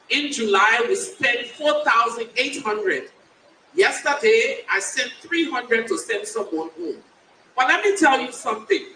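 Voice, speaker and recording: A woman in her fifties giving a personal testimony speech as a keynote speaker, telling her story slowly and emphatically with dramatic pauses. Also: on the high side, bright, forceful tone, a little hiss or hum. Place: large conference hall. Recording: echoey hall from far off.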